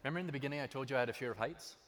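A man's voice: medium pitch, rapid-fire, a bit bright, a little hiss or hum. A man preaching a sermon. He tells personal stories and repeats key phrases for emphasis. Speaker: pastor. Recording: long hall reverb.

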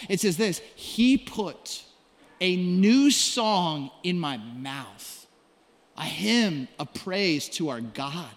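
A male pastor delivers a sermon in a high voice, shifting from near-whispers to ringing shouts as he tells his stories. His words trail off into a long hall reverb. He preaches with the pull of someone at home at the pulpit. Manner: storytelling preacher, swings from hushed to shouted.

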